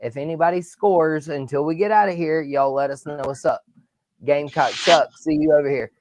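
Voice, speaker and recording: Energetic man hosting. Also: fairly high pitch, moderate pace, noisy background. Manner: energetic, rambling, loud outbursts. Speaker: podcast host. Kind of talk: live sports talk show.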